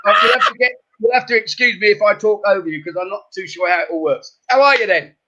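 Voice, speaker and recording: Comic on a lo-fi video call. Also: male voice, high voice, fast talker, very noisy. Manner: rattles off one-liners, laughs at his own jokes. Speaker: comedian guest. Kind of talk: stand-up jokes in casual chat.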